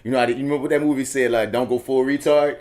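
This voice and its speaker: A man, a stage actor, chatting in a relaxed, frank way. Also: medium pitch, racing. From New Orleans. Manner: relaxed, frank, laughs easily. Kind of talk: casual podcast chat.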